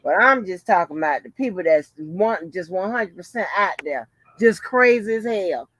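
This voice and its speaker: A woman hosting a casual chat who is outspoken, expressive and laughs often. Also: medium pitch, normal speed, crowd noise. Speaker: host.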